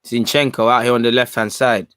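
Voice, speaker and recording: This football watchalong host has a middle-pitched voice that's clear, resonant and fairly bright, with a level tone and a slightly fast pace. He talks casually and opinionatedly through a live match, reacting to play and viewers, reading chat messages aloud and often ending phrases with "man." The recording is dry and close, with little room sound and no echo.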